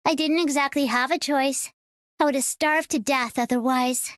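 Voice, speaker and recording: A woman's voice: high-pitched, fairly even intonation, moderate pace, dry recording, studio quality, close to an everyday voice. A woman voicing a young female game character who grew up picking pockets. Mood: recalling. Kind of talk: video game voice acting.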